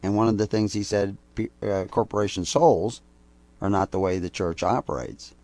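A man's voice: lowish voice, normal speed, dark tone, no echo. An older man giving a rambling sermon-style teaching talk, hitting key words with sudden emphasis. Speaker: preacher.

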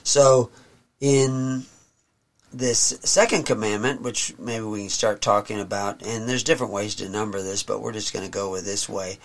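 A man teaching from the Bible, reading verses slowly and solemnly and then explaining them in plain talk. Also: lowish voice, level tone.

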